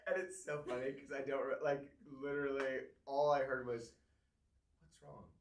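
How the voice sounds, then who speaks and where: Man, podcast co-host, candid halting storytelling, echoey room, off-mic. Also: mid-range voice, little pitch movement, distant mic, a little hiss or hum. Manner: candid, halting, with frequent restarts. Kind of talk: personal storytelling.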